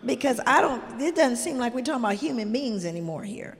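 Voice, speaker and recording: A woman's voice: fairly high pitch, expressive, brisk. An older woman, a grandmother, telling stories in an earnest, heartfelt way, full of "you know" asides. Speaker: guest. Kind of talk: reflective storytelling in conversation. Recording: long hall reverb.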